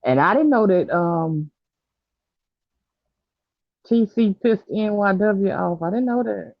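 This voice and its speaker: Livestream host, casual chat, halting delivery with fillers; dry, muffled lo-fi audio. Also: mid-range voice, expressive, creaky, no room sound. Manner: halting, many fillers, somber retelling.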